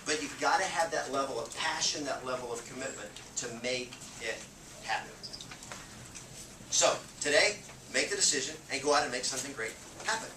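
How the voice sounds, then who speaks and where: Energetic man coaching from afar. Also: medium pitch, normal speed. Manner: energetic, punchy, keeps asking "okay?". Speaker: real estate sales trainer. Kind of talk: motivational training talk. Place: meeting room with a live audience. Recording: echoey, distant, noisy room recording.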